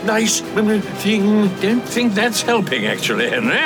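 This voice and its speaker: A man's voice: high-pitched, sing-song, unhurried. A blustering Victorian showman. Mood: theatrical. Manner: theatrical, exclamatory. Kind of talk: audio drama trailer. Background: dramatic music.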